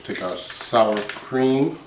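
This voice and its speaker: A man's voice: mid-range voice, drawn-out words, echoey room, recorded from a distance, noisy background. A man hosting a casual cooking vlog in his home kitchen, chatty, talking while he tastes his food. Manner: chatty, talks with mouth full while tasting. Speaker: cooking channel host.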